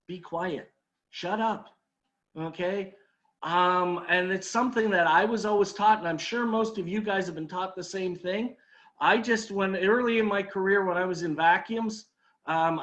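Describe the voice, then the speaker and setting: A man's voice: high voice, fairly bright tone, dull audio. A man leading a sales training talk, telling an anecdote and acting out his customers' lines, with emphatic repeated advice.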